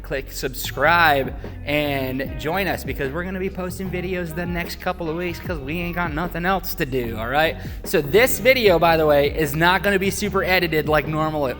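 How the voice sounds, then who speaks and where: A man's voice: on the high side, big-room sound. A man hosting a stream with a casual welcome, chatty and joking at his own expense. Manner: joking, chatty, self-deprecating. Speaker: host.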